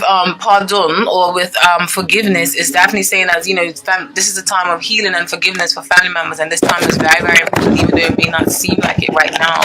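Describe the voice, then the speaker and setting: A tarot reader with a lowish voice gives her viewers a casual, chatty, gushing reading, frequently checking in with "okay?" The recording is very noisy.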